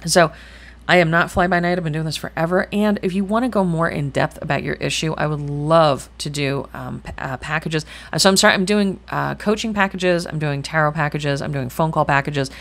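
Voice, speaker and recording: Middle-aged lady doing a tarot reading, low voice, swears a lot, rambly and chatty. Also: fairly quick. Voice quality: blunt, swears casually. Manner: chatty and rambling, thinks aloud. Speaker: tarot reader. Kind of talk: casual tarot reading to camera.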